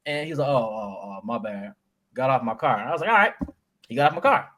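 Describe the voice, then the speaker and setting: A young man co-hosting a podcast, telling stories in an animated, profane, laughing way. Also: mid-range voice, brisk, slight background noise. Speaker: podcast co-host. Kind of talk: casual chat.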